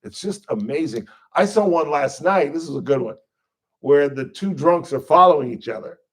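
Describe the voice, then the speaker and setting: A middle-aged male radio host talking in a fairly high voice. He delivers an animated, wry monologue and drops into whiny impressions of the people he mocks. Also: moderate pace, husky.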